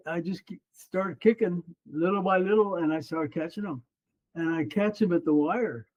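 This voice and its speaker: High-voiced, animated older man. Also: highs cut off. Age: 70s. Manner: lively, animated storyteller. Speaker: podcast guest, former runner and coach. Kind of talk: casual storytelling interview.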